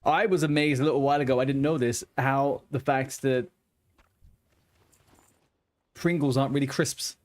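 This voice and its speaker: A young man chats loosely with his audience while he plays, rambling from one joke to the next. His voice sits at an ordinary middle pitch, and he keeps the talk easygoing and playful. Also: steady tone, normal speed, long pauses. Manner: joking, rambling, chatty with viewers. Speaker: game streamer. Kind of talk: casual chat while gaming.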